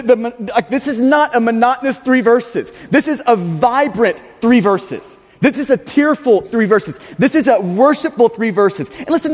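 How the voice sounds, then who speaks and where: A man preaching with a very high voice, pressing his points with repetition and frequent restarts. His words ring out in a church sanctuary with a long, lingering reverb. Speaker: pastor. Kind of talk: sermon.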